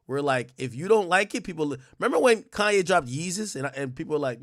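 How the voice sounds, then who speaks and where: A man giving casual, animated commentary on a stream, laughing often and mocking fans in exaggerated voices. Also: a little high, fast talker, no echo, clean studio sound. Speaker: stream co-host. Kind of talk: casual commentary on music and rappers.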